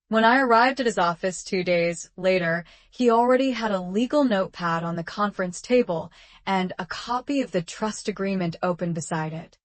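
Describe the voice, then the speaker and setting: A woman narrating a first-person drama story in a calm, measured, even way. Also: mid-range voice, dry recording.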